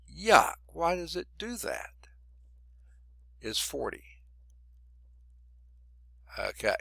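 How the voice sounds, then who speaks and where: A man who is losing his voice teaches a math lesson, working through each step out loud with muttered asides. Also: medium pitch, vocal fry, dry recording. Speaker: math instructor. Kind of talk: recorded lecture working through problems.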